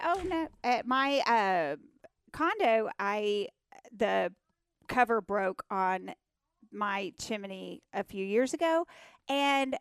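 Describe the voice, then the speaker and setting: A woman co-hosting a radio show in casual chat, telling stories haltingly with many fillers and restarts. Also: fairly high pitch, a bit bright, smooth, no echo, clean studio sound. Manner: hesitant, rambling storyteller with many fillers. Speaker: radio co-host.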